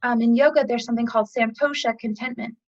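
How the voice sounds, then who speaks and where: A woman guest in an interview, telling a parable in a chatty, animated way with fillers, as a yoga teacher. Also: a little high, fast talker, lo-fi sound. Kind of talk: storytelling a parable in conversation.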